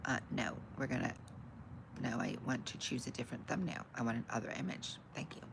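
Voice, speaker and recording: A woman hosting her own livestream, grumbling about her tech troubles and brightly greeting her viewers. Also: extremely low pitch, fairly quick, vocal fry, background noise. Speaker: livestream host. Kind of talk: casual livestream chat.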